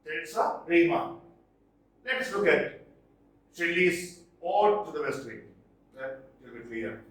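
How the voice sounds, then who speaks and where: Animated teacher lecturing in an echoey room. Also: male voice, a little high. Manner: repeats key terms slowly, stresses exam points. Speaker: English literature teacher. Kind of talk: classroom lecture. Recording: echoey room, voice far from mic.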